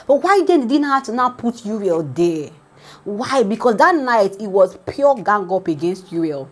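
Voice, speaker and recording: Animated Nigerian woman spilling gossip. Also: unhurried. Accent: Nigerian English. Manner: animated and dramatic, jumping high in pitch as she reacts. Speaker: host of a celebrity gossip channel. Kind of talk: casual gossip commentary.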